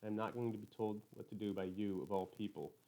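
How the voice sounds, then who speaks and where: A man voicing an angry, remorseful middle-aged father who shouts and pleads, in a low, dark, fast-paced read. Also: steady tone, close to an everyday voice, rough recording. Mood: shouting furious.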